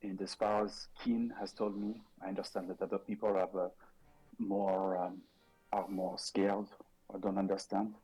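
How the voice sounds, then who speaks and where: Earnest cloaked ally, played by a man, very low voice, halting. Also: little pitch movement, mellow, husky, faint music behind, rough recording.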